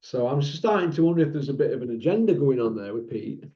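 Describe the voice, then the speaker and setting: A man's voice: mid-range voice, expressive, fast talker. A man hosting a boxing talk channel, blunt and mocking, asking rhetorical questions in a casual monologue. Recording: echoey room, dull lo-fi sound.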